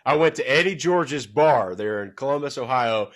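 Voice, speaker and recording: A man's voice: medium pitch, animated, normal speed. A man hosting a podcast, chatting casually and telling a story in a teasing, jokey way. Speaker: podcast host. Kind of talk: casual chat.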